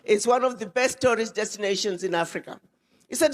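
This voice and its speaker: A Ghanaian woman ambassador gives an emphatic public speech to an audience, repeating words for weight. Her voice sits at a medium pitch and moves a little fast. The recording carries a long hall reverb.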